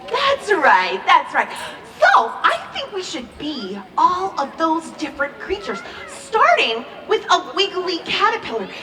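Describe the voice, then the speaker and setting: A woman leading a children's sing-along storytime, in an animated, sing-song, coaxing way, recorded from a distance with a ukulele playing. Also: very high voice, a little slow, few pauses. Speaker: children's entertainer. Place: playground ceremony, outdoors. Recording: roomy, distant, loud ukulele music.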